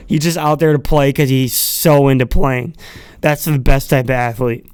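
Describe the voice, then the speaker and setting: A man's voice: fairly high pitch, steady tone, moderate pace, a little mellow, clean tone, no room sound. A man hosting a podcast, talking in a casual solo monologue that rambles, full of fillers, chuckling asides and casual swearing. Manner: irreverent, swears freely. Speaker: podcast host.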